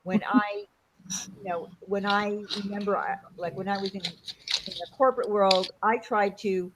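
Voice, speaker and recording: New York woman, show host; chatty, animated storyteller, heard over a video call. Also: mid-range voice, a little slow, very noisy. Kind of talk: casual chat.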